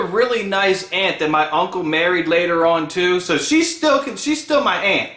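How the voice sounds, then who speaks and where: Young man, high bright voice, angry vlog rant, echoey room. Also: big pitch swings, normal speed, hardly any pauses. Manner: swears a lot, bursts into shouting. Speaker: vlogger.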